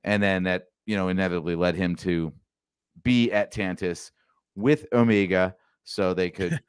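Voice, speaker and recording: A man co-hosting a podcast in casual chat, talking in a measured, wry way. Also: low voice, smooth, dry recording, studio quality. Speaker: podcast co-host.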